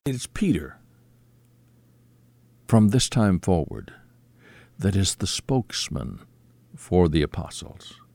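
A man preaching a sermon, explaining scripture slowly and quoting it as he teaches. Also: sits low, sing-song, gravelly, a little mellow, no room sound.

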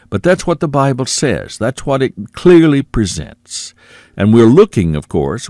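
Slow, lively-pitched male preacher. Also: no room sound, studio quality. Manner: earnest, repeats phrases for emphasis, drops low on "my friend". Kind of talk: sermon.

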